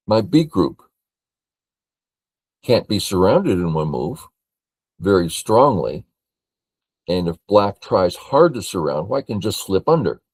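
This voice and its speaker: An older man from California reviewing a board game as a teacher, thinking aloud in a slow, matter-of-fact way. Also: deep voice, a little mellow, dry recording.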